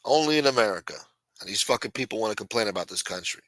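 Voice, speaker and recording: Low-voiced guy hosting a late night show, swears a lot, forceful and dry sounding. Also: animated, very fast, no room sound, poor audio. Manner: blunt, profane and opinionated. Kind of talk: casual talk-show rant.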